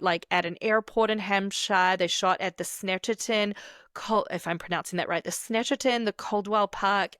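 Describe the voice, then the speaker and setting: Animated woman podcast host, dry sound. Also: mid-range voice, smooth, no echo. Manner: animated storytelling, quoting people in lively bursts. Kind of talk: casual podcast chat.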